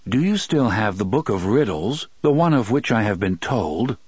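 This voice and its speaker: A playful yet menacing talking machine, voiced by a man, booms from everywhere in a slow, unhurried drawl. The voice is husky and low. The audiobook sound is dry and close. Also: very animated, darkish tone, no echo. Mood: leisurely. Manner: slow leisurely drawl, booming. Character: playful, sinister talking monorail machine, male.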